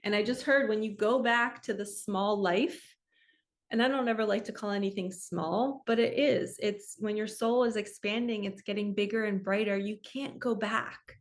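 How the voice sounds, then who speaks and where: A woman giving a weekly spiritual energy reading as a coach, talking in an earnest, open way and laughing softly at herself now and then. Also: medium pitch, steady tone, moderate pace. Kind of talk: heartfelt spiritual talk.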